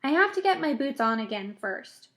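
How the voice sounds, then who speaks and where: A woman's voice: sits high, big pitch swings, normal speed, a bit bright, exaggerated voice. Woman voicing a fussy centipede. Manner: fussy, insistent. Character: fussy male centipede, vain about boots.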